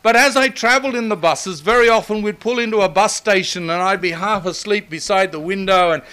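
Bright, clear-voiced male preacher. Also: sits high, a little fast. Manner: emphatic, building to forceful repetition. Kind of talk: sermon.

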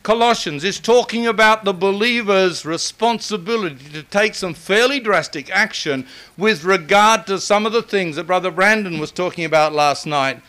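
Bright, clear-voiced male preacher. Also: high-pitched, normal speed. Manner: emphatic, building to forceful repetition. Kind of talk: sermon.

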